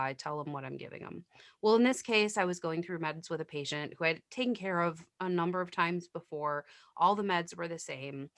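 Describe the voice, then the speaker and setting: A woman's voice: fairly low pitch, a bit bright, dry recording, studio quality. A woman nurse in casual podcast chat, telling work stories bluntly and swearing freely.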